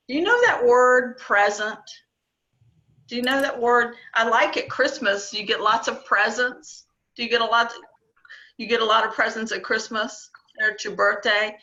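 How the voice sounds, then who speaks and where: A woman teaching a children's Bible lesson on a video call, gently coaxing the kids and repeating her questions. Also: on the high side. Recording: dull lo-fi video call audio.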